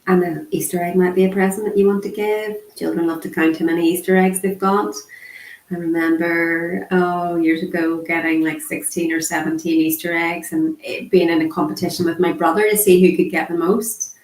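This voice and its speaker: A woman voicing a casual online sign language lesson, chatty and unhurried, with frequent ums. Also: lowish voice, level tone, darkish tone. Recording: echoey room.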